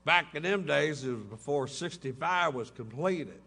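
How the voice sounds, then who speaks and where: At a normal pace, a man with a slightly high, gravelly voice, pushed, bright and a little breathy, tells funny, folksy stories with lively intonation. He's addressing a recovery meeting in a hotel ballroom, laughing along with himself.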